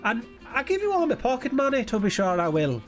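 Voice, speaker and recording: A gushing stage-Irish figure, as a man puts him on, leaning hard on a lilting, sing-song delivery. The pitch rides high and swings widely. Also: wildly swooping pitch, unhurried, faint music behind, heavily acted. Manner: singsong, gushing, heavy "to be sure". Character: exaggerated stage-Irish parent or child, gushing.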